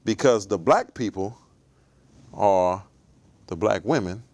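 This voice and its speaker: A man in his forties, a guest in an interview, telling his life story in a measured, reflective way. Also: on the low side, lively intonation, a little mellow, no echo.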